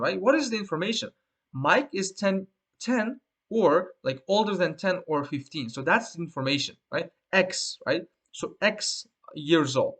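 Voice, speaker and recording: A man's voice: fairly high pitch, a bit bright. A man teaching a lesson, explaining at length with many fillers and a tag question after most points. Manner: rambling, with frequent fillers and repeated "right?".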